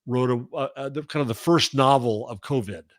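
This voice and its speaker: A man who is a journalism professor, talking as a guest over a video call in a halting way, with many restarts. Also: mid-range voice, no echo, clean studio sound. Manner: halting, full of restarts and fillers. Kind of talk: casual conversation.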